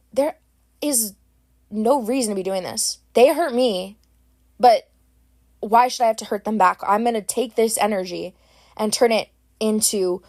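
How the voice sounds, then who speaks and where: A woman's voice: a little high, a little mellow, no room sound, studio quality. A young woman hosting a podcast in casual chat, chatty and rambling with lots of fillers and restarts, blunt and opinionated. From Boston area. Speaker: podcast host.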